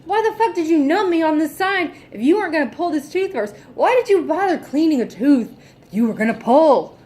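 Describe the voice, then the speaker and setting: A woman's voice: sits high, lively intonation, a little fast, darkish tone. A woman venting in a casual vlog, exasperated and heavily profane, sighing often. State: fed up and irritable. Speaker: vlogger.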